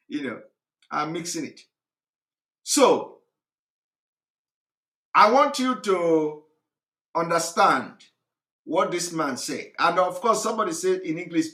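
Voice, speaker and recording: A man's voice: on the high side, bright, forceful tone. A man giving a rambling live broadcast monologue, retelling stories with a comic touch. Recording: roomy echo.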